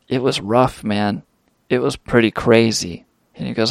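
A man's voice: on the low side, fairly even intonation, moderate pace, gravelly, no room sound, clean studio sound. A young man hosting a radio show, telling a wild story in a rambling, profane way with lots of fillers. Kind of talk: storytelling drug anecdote.

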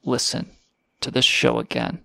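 A man's voice: mid-range voice, huge pitch swings, normal speed, creaky, sharp tone, no echo. A man hosting a call-in radio show, ranting and swearing in crude comic banter. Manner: profane, ranting, mock-indignant.

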